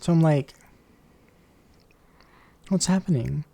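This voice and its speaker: Casting: male streamer, mid-pitched, gravelly, dark tone, loose rambling live-stream chat at a desk mic. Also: slow. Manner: rambling, chatty, playful asides. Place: warm room at home. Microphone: desk microphone. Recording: slight background hum.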